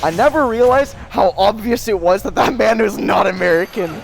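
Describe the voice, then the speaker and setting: A man co-commentating a fighting game tournament in a playful, quick, laughing banter. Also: high-pitched, gravelly, a crowd in the background. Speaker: esports co-commentator.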